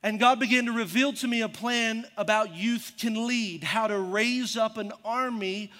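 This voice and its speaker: A middle-aged male pastor with a high voice delivers a sermon as lively storytelling, acting out each part as he goes. His voice rings with the long reverb of a large hall. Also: measured pace.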